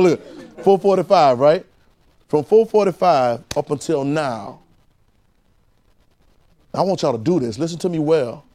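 Preacher, male, somewhat high voice; call-and-response sermon, jumps from loud outbursts to low asides. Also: lively intonation, normal speed, long pauses.

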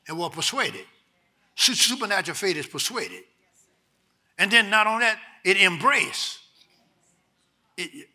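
Man, preacher, high voice, very bright tone, call-and-response sermon. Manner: call-and-response preaching, swings from quiet teaching to loud exhortation. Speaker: pastor.

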